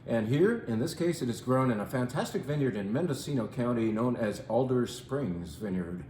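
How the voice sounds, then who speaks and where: A playful, theatrical man hosts a chatty wine talk, stretching words for emphasis. His voice sits at a middle pitch. It rings in an echoey room with a faint hum of ambience behind it. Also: animated, moderate pace, a little mellow. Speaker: wine shop host.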